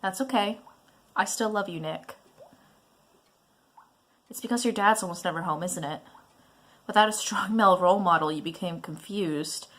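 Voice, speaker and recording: A woman's voice: on the low side, normal speed, long pauses, a bit bright. A woman reading a prying, controlling mother. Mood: scolding. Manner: nagging, guilt-tripping.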